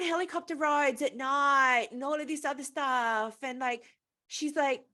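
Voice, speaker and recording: A woman's voice: sits high, a little slow, pushed and bright. A woman co-hosting a casual podcast, retelling a film plot in a profane, rambling way. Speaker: podcast co-host.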